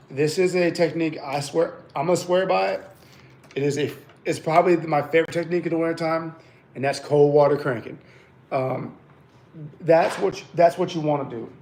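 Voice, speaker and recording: A chatty man talks through his fishing tips in a relaxed, folksy way, often calling his viewers guys and y'all. His voice has a gravelly edge, and the sound carries an echo of the room around him. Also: a little high. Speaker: fishing channel host. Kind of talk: casual fishing tips livestream. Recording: echoey room.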